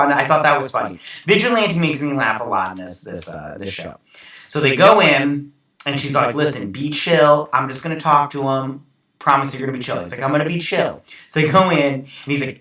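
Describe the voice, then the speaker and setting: A man's voice: mid-range voice, bright, forceful tone, very echoey, distant mic, low-quality recording. A man hosting a casual episode recap, rambling with many fillers and acting out the characters' lines. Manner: rambling, filler-heavy, acts out quoted lines. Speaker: show host recapping an episode.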